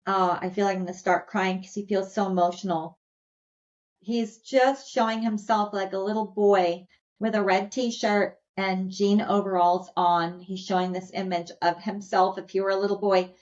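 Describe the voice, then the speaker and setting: A woman who works as an animal communicator and hosts a podcast, soft-spoken and heartfelt, hesitating now and then. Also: mid-range voice, flat delivery, normal speed. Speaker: animal communicator and dog trainer, podcast host. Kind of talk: intuitive reading and podcast wrap-up. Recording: slightly dull lo-fi audio.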